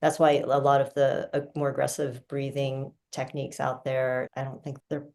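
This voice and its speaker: A woman instructor calmly guiding a breathing exercise with slow, measured cues. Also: very deep voice, creaky. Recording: roomy sound from a distance.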